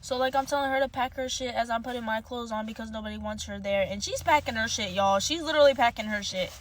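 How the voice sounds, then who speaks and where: A woman's voice: a little high, fast, a little hiss or hum. Fired-up young woman telling a story. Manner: heated, profane, rambling retelling. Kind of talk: casual storytime monologue.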